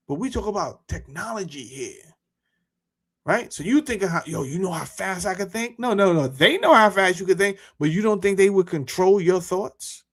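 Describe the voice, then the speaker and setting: A man talking casually to his viewers as a YouTuber, animated and full of rhetorical questions and slang. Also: sits high. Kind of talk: casual monologue to camera.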